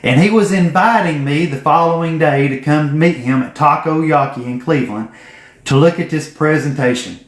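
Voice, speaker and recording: A man's voice: fairly high pitch, normal speed. A man, telling a folksy, profane story to camera. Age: 40s. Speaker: vlogger telling his business story. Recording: echoey room.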